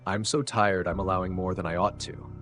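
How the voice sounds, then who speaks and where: A man with a very low voice reads the part of a tired young woman lodger who teases and scolds. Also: fairly even intonation, brisk, a bit bright, soft background music. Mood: weary teasing. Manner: tired, half-amused, scolding. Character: weary young woman lodger, teasing then anxious.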